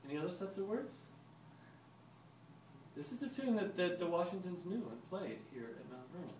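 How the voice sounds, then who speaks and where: This historical music presenter has a high, darkish voice and is very animated, speaking at normal speed. He demonstrates and explains chattily to a visiting group, quizzing them, heard through a distant mic in a roomy, noisy space.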